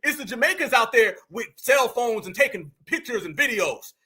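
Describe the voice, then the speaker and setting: A man's voice: extremely high pitch, animated, normal speed, pushed and bright. A man hosting reaction commentary, talking animatedly, heckling and calling out to "y'all.". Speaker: commentary channel host.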